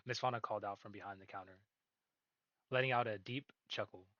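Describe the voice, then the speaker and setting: A man's voice: lowish voice, fairly even intonation, fairly quick, a bit bright, no echo. A man reading a story aloud in a casual way, laughing at his own slips. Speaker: reader. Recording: dull dry recording.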